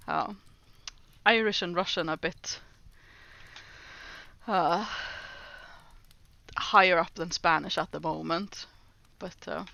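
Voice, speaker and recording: A woman streamer talks unhurriedly with her chat, breaking into giggles often. Her voice is bright and crisp in tone. The sound is slightly dull and lo-fi. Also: lowish voice. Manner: laughs often, chatty and giggly. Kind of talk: casual livestream chat, reading chat aloud.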